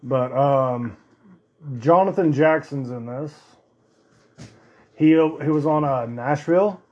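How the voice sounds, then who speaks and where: A man's voice: fairly high pitch, slow, darkish tone, dull audio. A man hosting a podcast in casual chat, rambling and swearing now and then. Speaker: podcast host.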